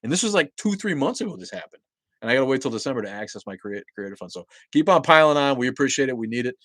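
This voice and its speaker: A man hosting a casual livestream from home, greeting viewers loudly, coughing often and swearing casually. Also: medium pitch, big pitch swings, rapid-fire, no room sound. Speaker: livestream host. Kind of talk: casual livestream chat reading viewer comments. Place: at home with a dog nearby.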